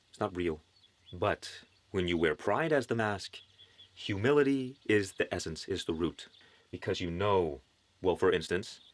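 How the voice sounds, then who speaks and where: A man giving a motivational spiritual talk, preachy and earnest, with wry asides. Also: lowish voice.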